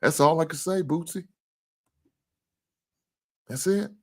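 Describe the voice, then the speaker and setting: A man hosting a casual livestream, talking with viewers and reading their comments, swinging from low mumbles to loud, cursing, exasperated rants. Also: slow pace. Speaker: livestream sports show host.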